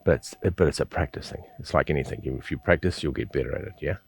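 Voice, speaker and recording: Very deep-voiced male qigong teacher. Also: quick pace, gravelly, darkish tone, breathy edge. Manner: patient, repetitive coaching with frequent "yeah?" check-ins. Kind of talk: guided exercise instruction.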